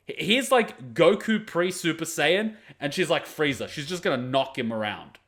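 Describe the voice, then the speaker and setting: Animated, blunt man reacting to anime. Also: fairly high pitch, moderate pace. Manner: blunt, profane, mocking critique. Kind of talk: casual reaction commentary.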